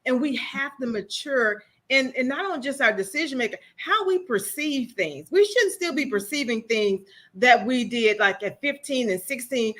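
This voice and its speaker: A woman transformation coach speaking as an interview guest, telling stories in an animated way and repeating phrases for emphasis. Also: a little high. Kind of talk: conversational interview.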